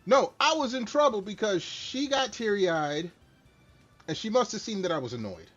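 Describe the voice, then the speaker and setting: This middle-aged man's high-pitched, slightly bright voice is animated and moves at a normal speed as he chats through a game stream. He's rambling, frank and self-deprecating, recorded on a slightly dull lo-fi mic with faint music.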